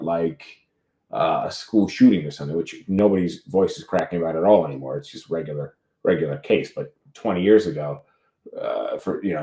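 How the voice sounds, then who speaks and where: A man co-hosting a podcast, musing in a low voice as he stops and restarts his thoughts. His words ring in a roomy, echoing space. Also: mellow. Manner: hesitant, many restarts and fillers. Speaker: podcast co-host. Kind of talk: casual podcast chat. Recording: roomy echo.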